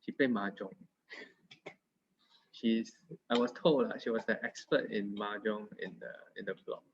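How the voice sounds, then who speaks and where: A man's voice: on the low side, fairly even intonation, moderate pace, slight background noise. A man with a Singaporean English accent, tutoring math in a casual, playful, teasing way. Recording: dull lo-fi sound.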